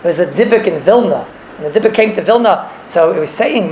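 A man's voice: high-pitched, lively intonation, quick pace, a little mellow, slight background noise. Guy teaching a religious class, mixing in hebrew and yiddish words, telling stories, roomy echo. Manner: mixes in Hebrew and Yiddish terms, tells stories, repeats phrases. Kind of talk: religious class, explaining a text. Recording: echoey room.

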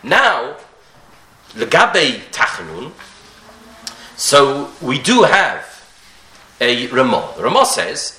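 A man gives a Talmudic lecture with a lively, swooping delivery. His voice is fairly high and bright, and it echoes through the room. He keeps posing questions to his listeners and often restarts his phrases. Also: slow. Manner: rhetorical questions, frequent restarts, Hebrew and Yiddish terms. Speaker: rabbi teaching a Torah class.

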